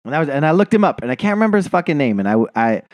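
Male podcast host, casual rambling story, lively pitch swings, dry close sound. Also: racing, no room sound. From New Jersey. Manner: rambling storyteller, profane, laughs a lot. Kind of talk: casual chat.

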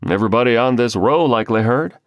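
A man's voice: mid-range voice, fast talker, no room sound, lo-fi sound, voice pushed up, close to an everyday voice. A man voicing an amiable neighbor coal miner with a teasing, folksy manner, in an audiobook.

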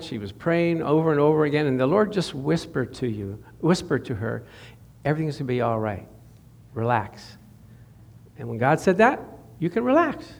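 A man preaching a lively sermon to a small congregation, calling for responses and chuckling between points. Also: high voice. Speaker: pastor.

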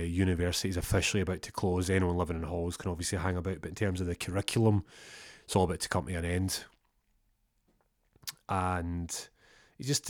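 A man's voice: low-pitched, dry recording, studio quality. A man telling a comic story, rambling and sweary with stumbling restarts.

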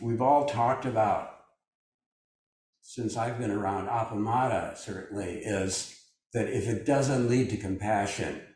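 An older man leads a meditation group on a video call, speaking in a loose, musing way full of fillers. His voice sits on the low side and is a little mellow. The room is very echoey and the mic is distant.

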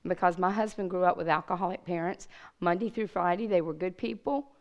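A woman's voice: fairly low pitch, brisk, dull audio. A woman giving a sermon as a guest speaker, telling a personal story with animation and talking straight to her listeners. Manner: animated storyteller addressing the audience directly. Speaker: guest speaker at a women's church gathering. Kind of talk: testimony sermon.

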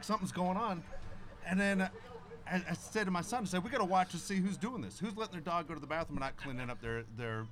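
A man co-hosting a live talk show, telling a story quickly and with energy. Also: sits high. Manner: fast, lively storyteller. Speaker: radio show co-host. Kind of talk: casual chat.

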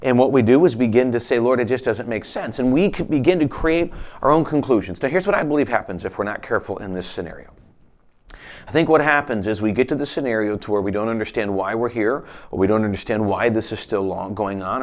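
A man's voice: medium pitch, fairly quick. Middle-aged male pastor, folksy conversational sermon, loose and chatty with restarts. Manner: folksy, with frequent restarts and asides.

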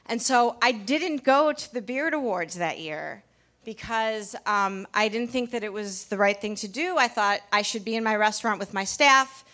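A woman's voice: medium pitch, sharp tone. A woman pastry chef telling a candid personal story to a live audience in a packed bar, chatty and full of restarts. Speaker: pastry chef giving a talk.

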